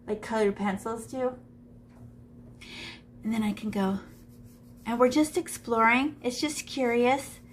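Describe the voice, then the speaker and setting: Fairly high and fairly bright, a woman's voice comes with a faint hiss or hum. She is an art teacher giving a live classroom shading demonstration, playful and talkative, thinking out loud to herself while drawing.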